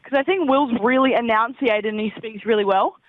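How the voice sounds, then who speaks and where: A woman's voice: on the high side, brisk, no room sound. A woman leaving a rambling, teasing voice message for a podcast. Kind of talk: casual voice message. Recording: dull lo-fi voice message.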